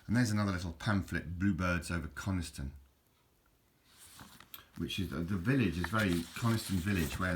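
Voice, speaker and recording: Male host, deep voice, casual and meandering with lots of restarts. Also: noisy background. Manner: chatty, hesitant, with frequent restarts. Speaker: video host. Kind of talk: casual rambling commentary over photos.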